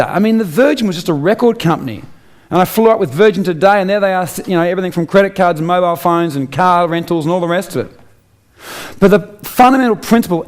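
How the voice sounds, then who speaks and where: Aussie guy doing a fired-up motivational talk on stage, voice sits a bit high. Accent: Australian. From Australia. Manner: emphatic storyteller, rhetorical questions. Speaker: inspirational speaker. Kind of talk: motivational speech.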